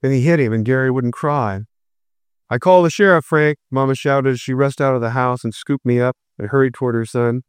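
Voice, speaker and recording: A man reading a first-person story aloud in a steady, reflective narration. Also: mid-range voice, fairly quick, hardly any pauses, clean tone, no echo, clean studio sound. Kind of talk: scripted narration.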